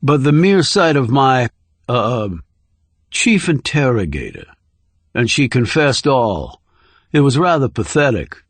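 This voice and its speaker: A man's voice: medium pitch, very animated, no room sound, heavily acted. A man doing a cold, sneering interrogator. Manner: formal, slow, condescending. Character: menacing middle-aged male interrogator, cold and sneering.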